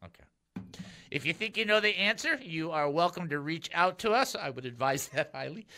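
A man hosting a call-in Christian radio show, chatty and animated, laughing easily as he jumps between topics. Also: on the high side, moderate pace.

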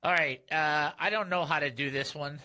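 A man's voice: on the high side, normal speed, loud music behind the voice. A man hosting a casual Christian radio show in a studio, joking and laughing often with his co-host and callers. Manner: jokey, laughs often, animated.

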